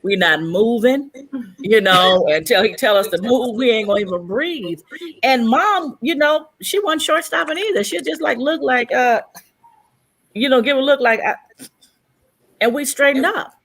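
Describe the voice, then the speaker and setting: A woman's voice: a little high, expressive, normal speed, a bit bright, breathy edge. Storytelling woman on a panel chat. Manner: storytelling, acting out quoted dialogue.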